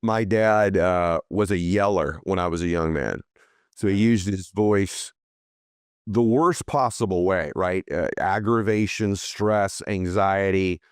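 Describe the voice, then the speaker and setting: A man's voice: sits low, takes it slowly, smooth, no echo, studio quality. A man hosting an interview, asking questions and sharing stories in a casual, informal way. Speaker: host.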